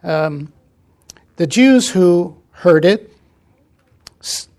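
A man leading a Bible study, reading scripture aloud and explaining it with frequent pauses and fillers. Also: high-pitched, lively intonation, darkish tone.

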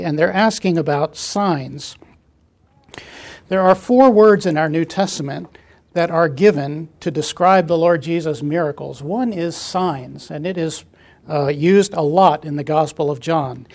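A man teaching a Bible study in a slightly high voice. He reads scripture passages aloud, then explains them in a patient, measured way, often pausing with fillers. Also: vocal fry, darkish tone.

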